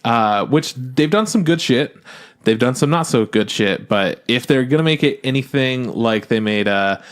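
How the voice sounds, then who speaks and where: A man's voice: mid-range voice, lively intonation, normal speed. A man co-hosting an anime podcast in casual chat, joking loosely and laughing often. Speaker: podcast co-host.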